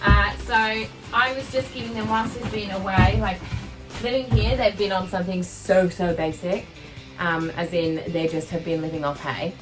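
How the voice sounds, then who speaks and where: A woman's voice: medium pitch, fairly even intonation, moderate pace. Chatty Australian woman vlogging to camera. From Western Australia. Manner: chatty and rambling, many ums and likes. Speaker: horse-owning vlogger. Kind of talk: casual vlog chat to camera. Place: inside a horse float during rain. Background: background music.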